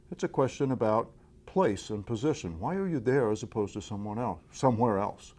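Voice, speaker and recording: A man presenting a communication tips lesson straight to the viewer, in a clear, deliberate, instructional way. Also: mid-range voice, expressive, darkish tone. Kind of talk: direct-to-camera coaching lesson.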